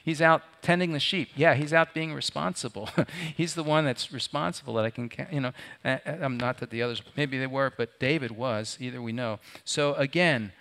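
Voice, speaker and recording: Before a live congregation, a pastor preaches in a bright, ringing voice pitched in the middle range for a man, moving fairly quickly. He repeatedly turns to his listeners with rhetorical questions.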